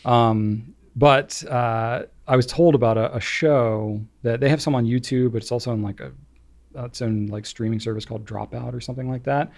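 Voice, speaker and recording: A man's voice: medium pitch, fairly even intonation, normal speed, vocal fry, darkish tone. Chatty middle-aged man rambling along. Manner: rambling, chatty, many fillers. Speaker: podcast co-host. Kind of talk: casual chat.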